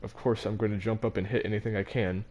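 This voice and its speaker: A man's voice: lowish voice, little pitch movement, fast, darkish tone. Rambling teenage boy telling a story. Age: teens. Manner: rambling, self-mocking, frequent fillers and restarts. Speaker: vlogger. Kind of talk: casual storytelling.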